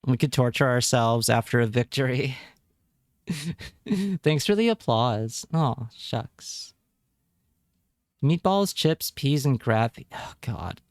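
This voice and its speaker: A man's voice: medium pitch, lively intonation, takes it slowly, pauses often, no echo, clean studio sound. A man streaming live, chatting casually with his viewers and reacting with wry remarks and repeated words.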